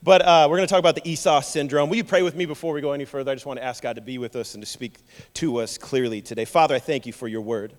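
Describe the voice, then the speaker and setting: Joking preacher in an echoing church. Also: male voice, fairly high pitch, racing. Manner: animated, joking storyteller who repeats words. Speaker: pastor. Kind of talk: sermon. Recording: long hall reverb.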